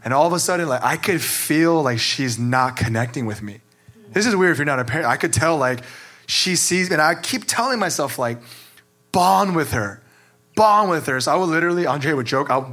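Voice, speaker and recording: This pastor has a medium-pitched voice with a fairly bright tone. Earnest and emotional, he speaks candidly, scattering "like" throughout.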